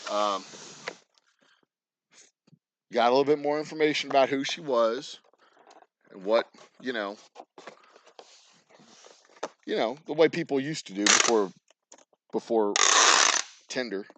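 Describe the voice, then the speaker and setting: A distillery owner in his forties who hosts a channel tells personal stories in a rambling, profane, joking style. His medium-pitched voice moves a little slowly with frequent pauses, over a noisy background with clicks.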